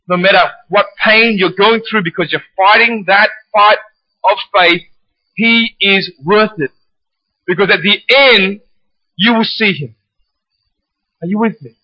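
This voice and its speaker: Fiery high-voiced male pastor. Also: dry recording, muffled recording. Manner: passionate, rising to shouts, with animated storytelling. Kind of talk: sermon.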